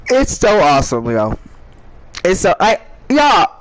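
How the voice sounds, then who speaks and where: A young man talks casually to his viewers with a lively, swooping pitch. He rambles, repeats himself and restarts his sentences often. His tone is playful and teasing. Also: unhurried, slight background noise, rough recording. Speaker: gaming YouTuber. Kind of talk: casual advice chat to viewers.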